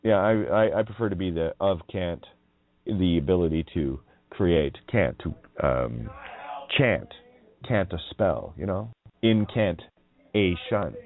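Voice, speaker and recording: A man with a low voice hosts a rambling solo radio monologue, his pitch leaping up and down as he mocks and swears. He laughs often and plays on the sounds of words. The recording is dry and thin, like a tinny phone line. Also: animated, slow pace, vocal fry. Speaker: radio show host. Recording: narrow, tinny phone-like audio.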